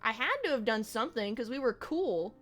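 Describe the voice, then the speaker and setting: Lively young woman streamer musing aloud. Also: fairly high pitch, fairly quick, faint music behind. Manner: rambling and reflective, with slang and swearing. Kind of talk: casual chat while gaming on stream.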